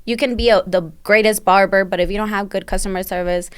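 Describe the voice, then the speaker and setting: A woman's voice: medium pitch, steady tone, quick pace, clear, resonant tone. A woman who owns a barbershop, a guest on a podcast, telling her story in a friendly, easygoing way. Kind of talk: casual podcast interview.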